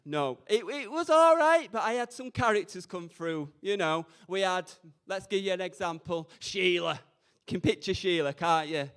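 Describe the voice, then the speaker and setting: Cheeky high-voiced comedian. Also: male voice, animated, moderate pace, a bit bright, smooth. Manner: cheeky, self-deprecating, camp. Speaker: stand-up comedian. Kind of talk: open mic stand-up. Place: community radio open mic event.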